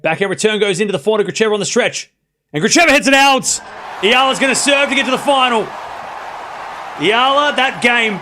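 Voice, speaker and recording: A man giving casual live play-by-play of tennis for his stream, talking to chat and shouting at big points. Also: very high voice, brisk, a little hiss or hum. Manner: excitable, talks straight to chat, bursts of shouting at big points; casual and chatty, with slang and asides. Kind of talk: live watchalong play-by-play commentary.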